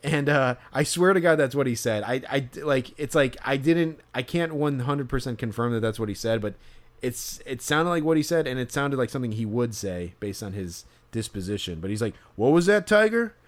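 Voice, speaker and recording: A man's voice: medium pitch, a little fast. A man telling a story in casual podcast chat, rambling with lots of fillers and restarts.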